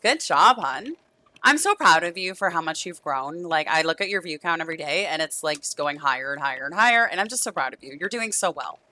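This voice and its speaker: A woman's voice: low voice, expressive, brisk, sharp tone. A young woman streaming a life-sim game, chatting affectionately with viewers and her characters, losing her voice. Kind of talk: casual gameplay stream chat.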